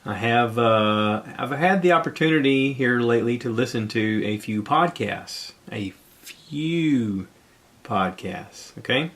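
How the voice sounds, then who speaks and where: A man's voice: mid-range voice, fairly bright tone. A man hosting his own podcast, talking alone in a rambling, conversational way and sounding a bit out of breath. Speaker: podcast host. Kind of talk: solo podcast monologue.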